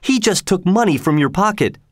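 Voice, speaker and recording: A man reading aloud lifts his voice into a stubborn boy king who bristles at every insult. The voice sits high and swings widely, clipped and commanding, recorded dry and close. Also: animated, a little fast, no echo. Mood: accusing. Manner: haughty, commanding, indignant. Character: proud young boy king, indignant and stubborn.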